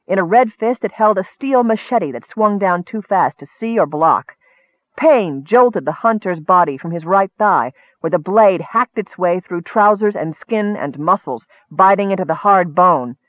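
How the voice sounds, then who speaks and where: High-voiced man reading a fantasy tale. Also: no room sound. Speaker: narrator. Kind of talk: audiobook fantasy narration. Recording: dry, narrow phone-like sound.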